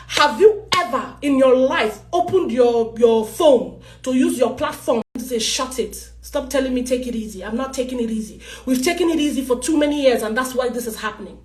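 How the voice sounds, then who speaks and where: A Nigerian woman speaks in a high, insistent voice, hammering each point home with emphatic anger. Her live-video rant rings out in a noticeably echoey room. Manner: angry, forceful, emphatic. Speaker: actress ranting in a live video.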